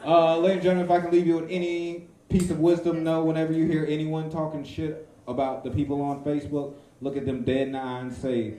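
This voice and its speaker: A man doing a stand-up set in a comedy club, swaggering and crude, with sudden high-pitched character voices. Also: little pitch movement, quick pace, hardly any pauses, dark tone. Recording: echoey club room.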